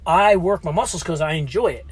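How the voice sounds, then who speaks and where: A man's voice: fairly high pitch, lively intonation, brisk, husky, no echo. A man in his forties, a health vlogger, telling a story in a rambling, casual way with many restarts. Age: 40s. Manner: rambling, retells conversations with frequent restarts. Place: at or near a gym.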